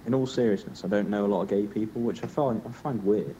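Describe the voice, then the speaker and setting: A man's voice: on the low side, fast talker, warm tone, far from the mic, lo-fi sound, slight background noise. Crude, teasing young man. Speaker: podcast co-host. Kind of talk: casual chat.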